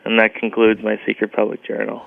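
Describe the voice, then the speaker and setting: A man's voice: fairly low pitch, completely flat delivery, brisk, vocal fry, no echo. A man telling a scripted personal story on radio in a wry, earnest, self-deprecating way, heard over a phone-like line. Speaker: comedian guest. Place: radio studio.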